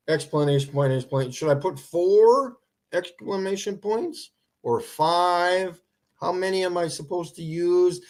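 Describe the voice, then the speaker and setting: A man chats casually on his own livestream. He talks slowly and unhurriedly in a slightly high voice. He rambles from joke to joke and laughs at his own points. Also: a little mellow. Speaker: livestream host.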